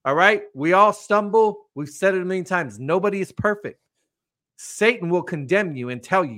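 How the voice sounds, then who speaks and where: A man's voice: high-pitched, expressive, moderate pace, sharp tone. A man hosting a podcast, talking earnestly and personally in casual faith talk. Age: adult with children. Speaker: podcast host.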